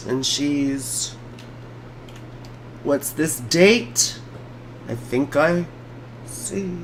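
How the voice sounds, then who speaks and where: A woman's voice: a bass voice, takes it slowly, pauses often, slight background noise. A woman in her forties, an astrologer giving chatty, playful live chart readings on a stream.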